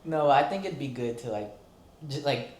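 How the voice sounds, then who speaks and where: A man's voice: mid-range voice, animated, moderate pace, a little mellow. Chatty young man in an echoey room. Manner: rambling, filler-heavy, laughs often. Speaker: podcast co-host. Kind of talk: casual chat. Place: apartment room. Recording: echoey room with faint ambient noise.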